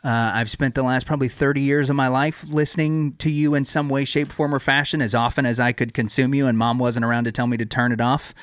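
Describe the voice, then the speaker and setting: A man's voice: mid-range voice, steady tone, fast, few pauses, dry recording, studio quality. A man in his thirties hosting a podcast in casual chat, rambling with frequent restarts and laughs. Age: 30s. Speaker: podcast host.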